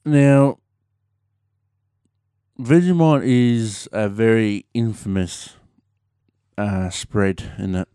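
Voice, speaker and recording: Laid-back Australian man, smooth voice. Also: lowish voice, extremely slow, long pauses, dark tone, no room sound, studio quality. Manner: rambling, laid-back, slangy with many fillers. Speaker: vlogger. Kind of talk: casual chat to camera.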